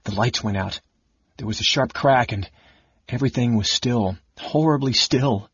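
A man putting on a frightened young noblewoman cleric, pleading in a raised, breathy voice. The storybook recording is dull and dry. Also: mid-range voice, moderate pace, fairly bright tone, no room sound.

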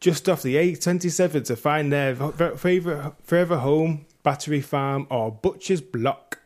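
A man's voice: normal speed, darkish tone, lightly acted. A man voicing a pushy, hollering male sheep salesman in a mock radio advert. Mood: salesy. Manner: brash sales-pitch delivery with whooping catchphrase.

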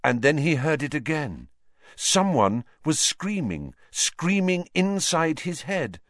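Expressive male storyteller with a lively voice. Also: a little high, slow, no echo, clean studio sound. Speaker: audiobook reader.

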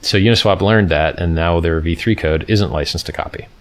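A man's voice: low voice, brisk. A man hosting a casual livestream, rambling and mocking, reading from his screen and talking to viewers in chat. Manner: reads from the screen and chats with viewers. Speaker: livestream host.

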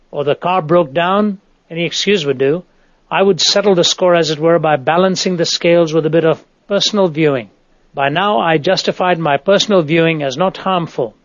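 A man narrating a nonfiction audiobook in a measured, earnest reading voice. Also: fairly high pitch, dry recording, highs cut off.

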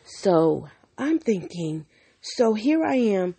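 A woman's voice: medium pitch, sing-song, slow pace, vocal fry, warm tone, slightly rough. A woman talking frankly to the camera in a casual monologue, blunt and outspoken, now and then swearing, and acting out the people she quotes as she tells her story. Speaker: vlogger.

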